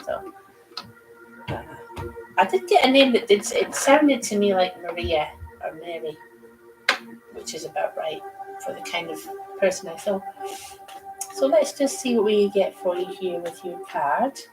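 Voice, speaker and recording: A woman's voice: on the low side, lively intonation, unhurried, long pauses, poor audio. A woman giving casual livestream tarot readings, chatty and rambling, laughing easily between cards. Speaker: psychic reader on a livestream. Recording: music playing behind.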